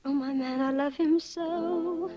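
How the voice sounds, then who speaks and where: A woman's voice: high-pitched, fairly even intonation, takes it slowly, music in the background. A woman singing a 1960s musical film ballad with soaring, sustained belting, played from an old soundtrack. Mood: yearning. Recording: dull lo-fi soundtrack with orchestra.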